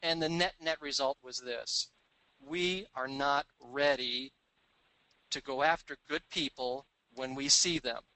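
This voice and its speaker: A middle-aged man giving a business talk, telling stories and acting out the dialogue in quick voices. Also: medium pitch, bright, forceful tone, no echo, rough recording. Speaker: business speaker. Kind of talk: recorded seminar talk.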